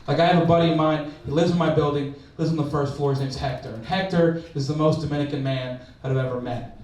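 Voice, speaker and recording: A man's voice: on the high side, fairly even intonation, fast talker, darkish tone. Man from Oklahoma in a very echoey room. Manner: casual, storytelling, lots of "like". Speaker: stand-up comedian. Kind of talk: stand-up comedy set. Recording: very echoey room, distant mic, background noise.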